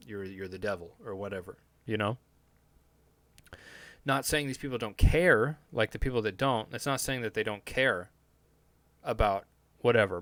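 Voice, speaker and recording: A man hosts his own podcast as a live stream, rambling sardonically, swearing often, and filling his talk with fillers and restarted sentences. His voice is lowish and a bit bright, and the recording has no room sound.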